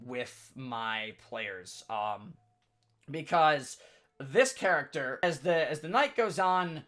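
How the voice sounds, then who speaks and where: A man, the dungeon master, casually recapping a tabletop game session in a rambling, animated way. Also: mid-range voice. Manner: rambling, many fillers and restarts, animated.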